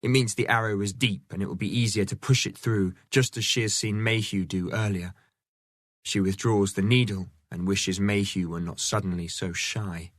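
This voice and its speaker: A man reading a novel aloud as the audiobook narrator, in measured storytelling. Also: on the low side, fairly even intonation, no echo, clean studio sound. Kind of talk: scripted narration.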